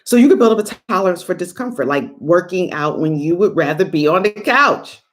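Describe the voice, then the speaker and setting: Animated chatty woman cheering on viewers. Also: fairly quick. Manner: laughs and breaks into big high whoops. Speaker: motivational speaker. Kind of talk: motivational livestream talk.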